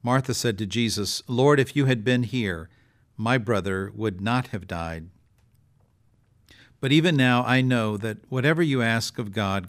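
A middle-aged man who is a bishop, reading a gospel passage in a measured way and then reflecting on it with pauses and fillers. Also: fairly low pitch. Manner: measured, with pauses and fillers when speaking freely. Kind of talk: scripture reading and reflective discussion.

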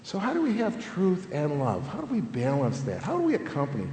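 A man in his fifties gives an animated, joking conference talk, his pitch bouncing up and down as he tells family stories. He keeps tagging "okay?" onto his sentences. The sound is roomy, with a long hall reverb and faint background noise. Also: fairly quick. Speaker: speaker at a Catholic family ministry conference.

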